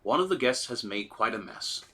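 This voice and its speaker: A man's voice: normal speed, slight background noise. A man co-hosting a gaming video, chatting casually and animatedly while playing. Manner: chatty, animated, mimics characters in high voices. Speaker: gaming channel co-host. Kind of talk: casual let's-play chat.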